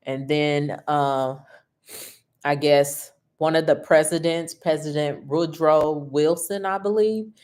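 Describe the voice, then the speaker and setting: Casting: low-voiced woman, tearful host on a live stream, unhurried delivery. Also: darkish tone. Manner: slow, emotional and personal, with frequent laughs. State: tearful, grieving. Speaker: host of a livestream. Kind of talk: casual livestream chat.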